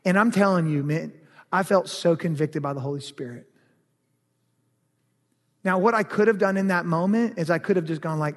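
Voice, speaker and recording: A male pastor preaching a sermon, telling a personal story with lively, animated delivery that turns heated and loud in places. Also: a little high, moderate pace, long pauses, long reverb tail.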